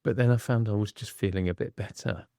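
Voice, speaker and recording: A man speaking as a podcast guest in a candid conversation, measured and reflective, pausing between phrases. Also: on the low side, steady tone, vocal fry, dark tone, dry recording, studio quality.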